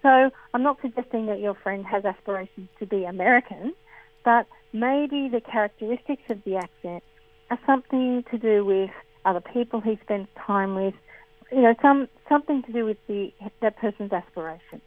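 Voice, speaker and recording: A woman linguistics expert explaining calmly and thoughtfully. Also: mid-range voice, dry recording. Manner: measured, explanatory. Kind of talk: expert interview. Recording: tinny phone line.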